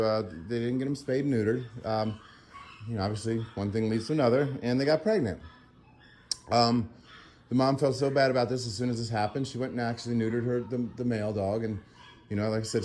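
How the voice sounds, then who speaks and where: A tired man vlogging at home after a sleepless night, rambling with lots of fillers as he talks to the camera. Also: medium pitch. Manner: rambling, filler-heavy, soft baby talk to a puppy. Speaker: animal sanctuary vlogger. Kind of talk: casual talk to camera.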